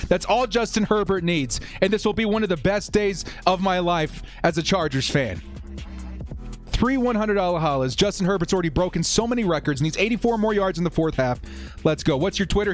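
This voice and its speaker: A young man hosting a live watch-party stream, chatting with viewers and getting excited over each play. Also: high voice.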